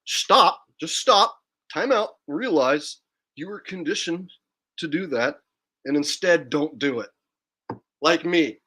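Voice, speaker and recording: A man's voice: on the high side, animated, takes it slowly, long pauses, pushed and bright, slightly rough. A man ranting in a profane, mocking monologue to his viewers. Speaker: video blogger.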